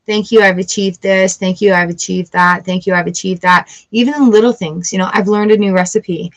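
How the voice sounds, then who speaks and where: A woman giving a casual tarot reading, chatty and encouraging, with lively outbursts. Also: mid-range voice, brisk, low-quality recording. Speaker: tarot reader.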